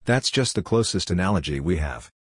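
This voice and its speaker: A man reading the lines of a calm, odd-talking male scientist in a story, in a measured, matter-of-fact way. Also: sits low, breathy edge, no echo, studio quality.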